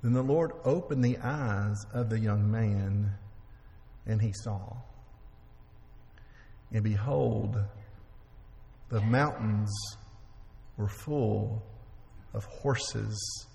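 A man preaching a sermon, retelling a scripture story with animated delivery, acting out the characters' lines and moving between hushed and loud. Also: lowish voice, very slow, gravelly, pauses often, slight background noise. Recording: long hall reverb.

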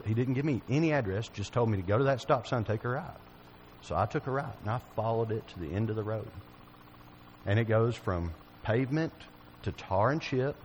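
A man preaching to a gathered group, spinning a folksy personal story and stopping to ask his listeners questions. His voice sits at an ordinary middle pitch. A faint hum of room noise runs underneath. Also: low-quality recording.

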